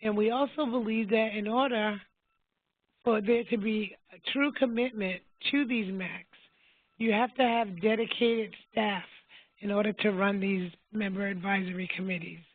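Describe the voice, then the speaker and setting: A woman delivers a measured, businesslike webinar presentation for a health plan. Her voice sits at a middle pitch. It comes through a thin, tinny conference phone line with a dry, close sound. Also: fairly even intonation, dry recording. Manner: measured, businesslike, asks for next slide.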